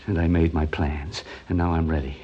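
An actor playing a paranoid, bitter older man who rants and stammers, lurching between loud outbursts and hushed mutters, in a radio drama. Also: extremely low pitch, level tone, moderate pace, slightly rough, dull audio. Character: bitter paranoid old man, armed, hoarding.

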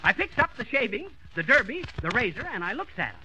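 A man's voice: very high voice, big pitch swings, quick pace, noisy background. A man playing a boastful small-town braggart in a 1940s radio comedy, folksy and blustering. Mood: bragging. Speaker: comedy lead.

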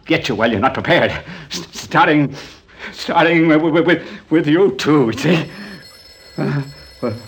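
An actor playing a paranoid, bitter older man who rants and stammers, lurching between loud outbursts and hushed mutters, in a radio drama. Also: on the high side, measured pace, vocal fry. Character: bitter paranoid old man, armed, hoarding.

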